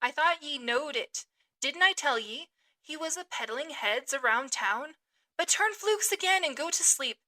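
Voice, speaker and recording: A woman's voice: high voice, expressive, a little slow, bright, forceful tone, exaggerated voice. A woman doing a grinning, teasing innkeeper. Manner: folksy, dialect-tinged speech.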